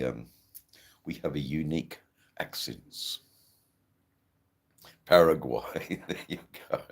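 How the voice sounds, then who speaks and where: A middle-aged Australian man with a persistent cough, hosting a casual livestream in a slow, rambling way with frequent ums. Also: extremely low pitch, darkish tone. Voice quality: gravelly. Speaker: livestream host. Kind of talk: casual livestream chat reading comments.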